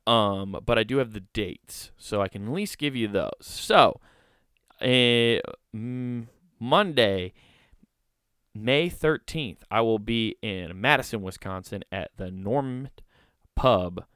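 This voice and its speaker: A man's voice: on the low side, slow pace, fairly bright tone, smooth, no room sound, clean studio sound. A man hosting a comedy podcast, giving sarcastic, mocking commentary and laughing often.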